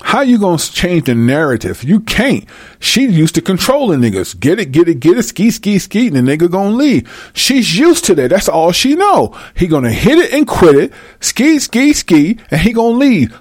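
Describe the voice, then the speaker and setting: A man delivering a comedic rant, swearing and using slang as he goes, often cracking himself up. His voice sits fairly high for a man and swings up and down a lot, and the recording is dry with little room sound. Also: no room sound. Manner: animated, profane, slangy, laughs often. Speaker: commentator.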